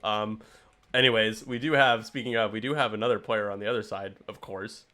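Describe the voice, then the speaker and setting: A man hosting a casual game stream, rambling and telling stories with quick impressions. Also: on the low side, fairly even intonation, bright, forceful tone. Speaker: stream commentator and host.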